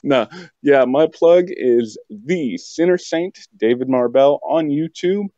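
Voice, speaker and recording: A man's voice: medium pitch, slow pace, mellow, no echo. A young man from West Virginia, a podcast guest, chatting casually with joking, rambling asides. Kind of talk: casual chat. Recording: dull lo-fi dry sound.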